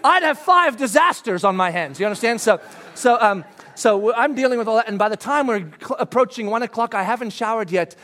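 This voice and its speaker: High-voiced man telling animated stories. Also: a little fast. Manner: animated, acts out quotes with sudden shouts. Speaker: father telling a family story. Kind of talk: storytelling talk to an audience.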